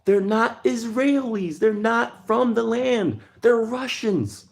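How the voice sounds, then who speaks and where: A man's voice: sits high, expressive, slow, creaky, few pauses. A man hosting a livestream, ranting heatedly in a casual monologue and answering chat. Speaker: livestream host.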